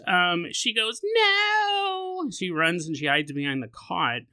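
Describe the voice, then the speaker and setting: A man's voice: high-pitched, pushed and bright, smooth, no room sound. A man hosting a podcast, telling a creepy story with rambling, joking asides. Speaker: podcast host.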